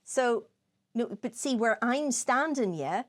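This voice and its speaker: A young woman with a fairly high voice that swoops all over as she tells a tale. She swears freely and acts out what she said back then, in a casual chat between podcast co-hosts. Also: slow. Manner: animated storyteller, swears freely, acts out her own past lines. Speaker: podcast co-host.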